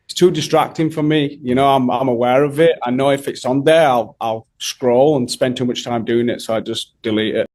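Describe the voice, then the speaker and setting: A man speaks in a loose, unhurried interview manner. He wanders through his answers with plenty of ums and likes. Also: medium pitch, steady tone, a little mellow. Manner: laid-back, rambling, with many ums and likes. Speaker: guest singer. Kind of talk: casual interview chat.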